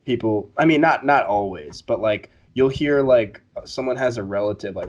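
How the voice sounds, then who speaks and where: A man's voice: fairly low pitch, lively intonation, moderate pace, hardly any pauses, lo-fi sound. A young man co-hosting a podcast in casual chat, laid-back, swearing freely and laughing often. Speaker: podcast co-host.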